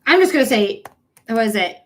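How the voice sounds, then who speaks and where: A woman's voice: on the high side, animated, brisk, fairly bright tone. A woman reading tarot on a live stream, emotional and close to tears, gushing thanks to viewers and cursing casually. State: tearful.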